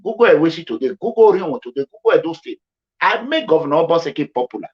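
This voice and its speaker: With big pitch swings and a quick pace, a man from Edo State gives emphatic commentary in a Nigerian accent. This vlogger repeats himself for stress, dipping low and rising high, and the recording sounds dull and lo-fi.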